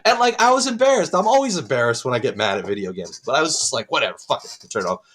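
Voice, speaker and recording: A man's voice: medium pitch, expressive, racing, fairly bright tone. A young man co-hosting a podcast, telling a long rambling story in casual chat and swearing freely. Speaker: podcast co-host.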